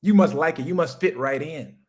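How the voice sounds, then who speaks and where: Man, high voice, livestream host, emphatic, preachy, swearing, talks to chat. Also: fairly quick. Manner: talks straight to chat viewers. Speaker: livestream host, business coach. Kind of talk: motivational livestream rant.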